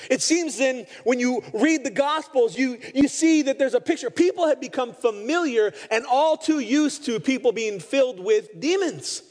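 A man preaching a sermon, retelling scripture stories and acting out the quoted lines. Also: sits high. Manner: storytelling, acts out quoted lines. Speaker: pastor. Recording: long hall reverb.

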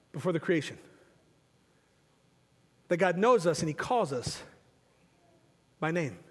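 A male pastor preaching a sermon with fervent emphasis, repeating phrases and restarting lines as he builds his points. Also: fairly high pitch. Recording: long hall reverb.

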